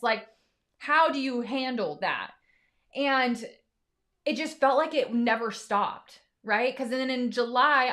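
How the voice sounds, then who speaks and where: A woman's voice: a little high, pushed and bright. A young adult woman, a business coach, talking candidly and emotionally in a live stream, blunt and often swearing.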